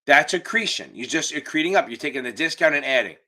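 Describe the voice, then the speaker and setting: A man runs a live exam-prep class through his computer mic. His voice is bright and forward, and he explains at an easy pace. He jokes around and drops the odd swear word as he goes. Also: on the high side, expressive, fast talker. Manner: casual, profane, joking teacher. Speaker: exam tutor. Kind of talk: live online Q&A lesson. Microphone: computer mic on a video call.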